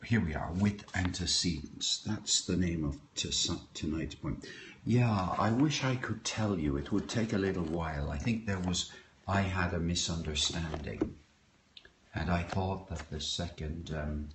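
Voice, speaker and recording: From his kitchen at home, an Irish man hosting a live poetry stream chats casually with his audience in a very low, unhurried voice. He greets viewers by name, rambling and hesitant. His phone picks up a faint hiss of background noise.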